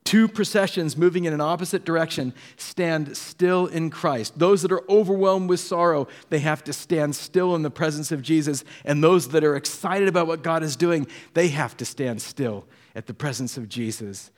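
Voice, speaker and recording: During his sermon, this pastor's voice runs on the high side, at a normal speed with few pauses. He shifts between hushed and animated tones while telling stories and performing the quotes.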